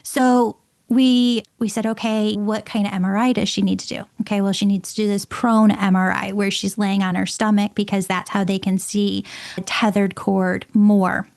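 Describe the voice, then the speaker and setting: A middle-aged woman hosting her own show, telling a personal story in an emphatic, excitable way and often repeating words. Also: mid-range voice, normal speed, vocal fry. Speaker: podcast host and medium.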